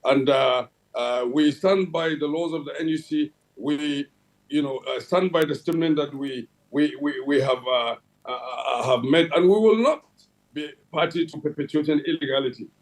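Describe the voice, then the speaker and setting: A man's voice: on the high side, moderate pace, low-quality recording. A Nigerian man heading a regulatory agency, answering in a TV interview in a formal official tone, with many fillers and restarts. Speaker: head of a regulatory agency, guest. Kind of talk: television interview.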